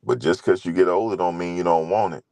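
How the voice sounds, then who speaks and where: A man's voice: sits low, fast talker, mellow, no echo. A middle-aged man talking loosely and casually as a commentary host, rambling through stories with slang and profanity.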